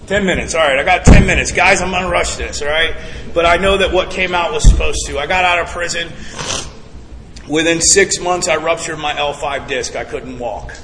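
A man with a slightly high voice gives an earnest, emphatic testimony to a meeting crowd, often turning to them as guys. His voice rings through a large, reverberant hall with room ambience clearly behind him. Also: normal speed, a bit bright, a little hiss or hum. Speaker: speaker sharing his recovery story at a twelve-step meeting. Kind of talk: personal testimony to a live group. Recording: echoey hall with background ambience.

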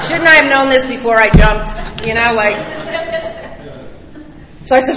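A woman's voice: fairly high pitch, moderate pace, long pauses, noisy background. A middle-aged woman giving a recovery meeting testimony, emphatic, blunt and salty, with rising bursts. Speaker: speaker sharing a recovery story. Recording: echoey hall with long reverb.

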